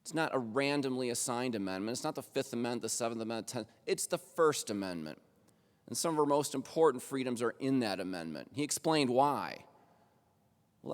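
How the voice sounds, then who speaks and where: A man lectures from a college auditorium stage with a mid-range voice, talking casually and tossing "right?" back to the room. His voice rings with a long hall reverb. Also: medium pitch. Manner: conversational lecturing, often asking "right?" of the audience. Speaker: college journalism professor. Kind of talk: lecture at a faculty roundtable.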